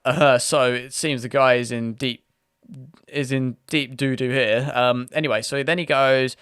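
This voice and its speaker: A man's voice: medium pitch, fairly even intonation, a little slow, a bit bright, clean tone, no room sound, studio quality. A man hosting his own video, chatting casually and laughing as he reads out posts. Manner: amused, laughs often, chatty with many restarts. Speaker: vlog host. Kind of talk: casual commentary reading posts aloud.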